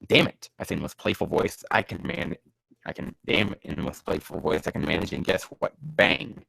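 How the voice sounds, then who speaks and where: A man reading bad fanfiction aloud for comedy, sarcastic and swearing, breaking off into loud bursts of disbelief. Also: extremely low pitch, steady tone, brisk, no room sound, rough recording. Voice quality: gravelly.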